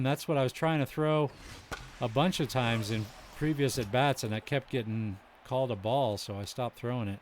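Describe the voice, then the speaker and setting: A man's voice: medium pitch, normal speed, a little hiss or hum. A man streaming a baseball video game, calling the action in a mock broadcaster style and breaking off for chatty, self-deprecating asides. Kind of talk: baseball play-by-play commentary with asides to chat.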